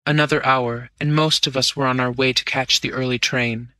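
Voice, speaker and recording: A man reading a classic story aloud in measured first-person narration. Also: mid-range voice, steady tone, pushed and bright, no room sound. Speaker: audiobook narrator.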